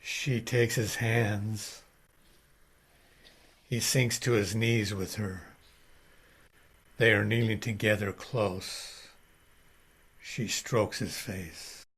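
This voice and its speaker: A man reading the stage directions of a play aloud in a slow, matter-of-fact way. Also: on the low side, fairly even intonation, fairly bright tone, husky.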